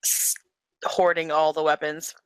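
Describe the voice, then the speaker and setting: A woman's voice: sits low, little pitch movement, unhurried, clear, resonant tone, no room sound. A woman playing in a tabletop role-playing game, talking hesitantly and trailing off. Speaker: player.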